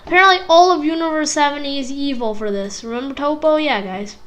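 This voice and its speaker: High voiced girl rambling thru an anime review, excitable, says like a lot. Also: fast, heavy background noise. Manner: excitable, rambling, many "like"s, mimics fight sounds.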